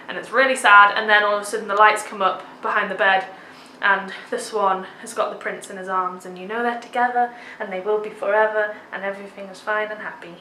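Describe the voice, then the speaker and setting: A woman's voice: mid-range voice, level tone, fairly quick, hardly any pauses, sharp tone, echoey room, a little hiss or hum, low-quality recording. A young woman vlogging a theatre review, gushing with enthusiasm and dropping lots of "like"s. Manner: gushing, enthusiastic, many filler "like"s. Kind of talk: casual theatre review vlog.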